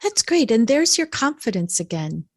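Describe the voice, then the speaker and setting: A woman's voice: on the high side, very animated, normal speed. A woman hosting a podcast interview, asking friendly, thoughtful questions. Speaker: podcast host.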